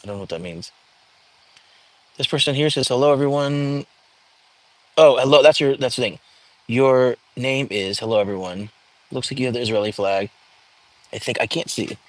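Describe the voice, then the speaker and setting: A young man chats through a casual livestream at an ordinary mid-range pitch. He reads viewer comments aloud and answers them on the fly, loose and easygoing. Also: moderate pace, pauses often. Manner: chatty and easygoing, reacts to viewer comments as they come. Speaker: livestream host. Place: home.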